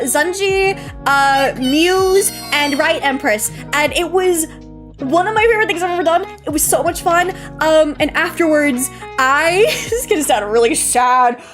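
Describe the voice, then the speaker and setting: Young woman, high voice, streamer chatting to viewers, rambling, tired, teary, nervous laughs, faint music behind. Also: a bit bright. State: tired, on the verge of tears. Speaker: VTuber streamer. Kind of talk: casual live-stream chat. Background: faint background music.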